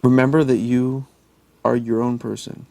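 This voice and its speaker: A man's voice: mid-range voice, level tone, moderate pace, gravelly, warm tone. A young man talking earnestly and reassuringly to his partner, often restarting his sentences. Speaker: reality show houseguest. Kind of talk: intimate casual talk.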